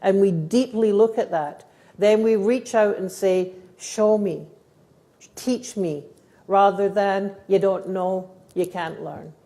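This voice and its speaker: Her mid-range voice has a dark tone, and she speaks slowly. She's a middle-aged woman with a Scottish accent, guest speaking at a live event for teachers, where she earnestly tells stories, laughs, and fields questions in a talk and Q&A.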